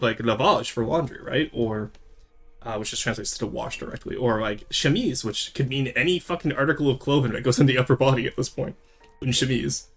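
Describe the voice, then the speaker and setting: A young man from Quebec chatting casually on a livestream, answering viewers, cursing and laughing freely. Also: medium pitch. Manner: animated, switches into French, swears and laughs freely. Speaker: streamer.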